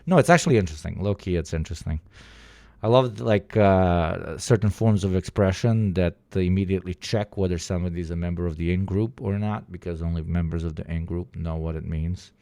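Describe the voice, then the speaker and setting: Low-voiced incredulous streamer man. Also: a little fast, vocal fry, a little mellow, no echo. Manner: rambling, incredulous, stammering restarts. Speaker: streamer reacting to videos. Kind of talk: casual reaction stream.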